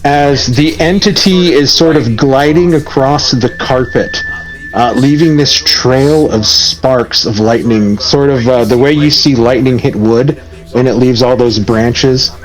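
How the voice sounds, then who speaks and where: A man running a tabletop horror game as game master, narrating in a measured, hesitant way with frequent pauses. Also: mid-range voice, rough recording. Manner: measured, slow, hesitant with many ums. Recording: faint music behind.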